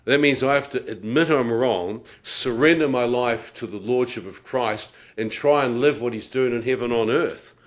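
A middle-aged man tells his personal testimony with a wry, self-mocking humour. He acts out his own thoughts vividly as he goes, and his pitch sits in an ordinary middle register for a man. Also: moderate pace, hardly any pauses. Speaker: guest telling his conversion story.

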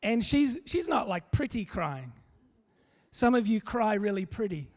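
A man preaching a sermon, telling a funny story in a relaxed, conversational way. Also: high voice, a little slow. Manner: conversational, humorous, animated storytelling. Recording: long hall reverb.

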